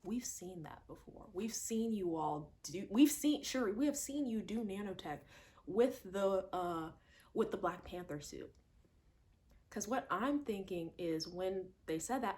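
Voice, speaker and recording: A woman vlogger giving a casual, emphatic movie reaction, repeating lines for effect and dropping to hushed asides. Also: medium pitch, lively intonation, measured pace.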